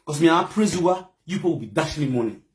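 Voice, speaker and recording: A man from Edo State with a Nigerian accent, ranting in a high voice. He scolds hotly and bursts into shouts. His tone stays bitter and accusing throughout. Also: expressive, fast. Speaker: social media commentator. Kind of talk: angry ranting monologue.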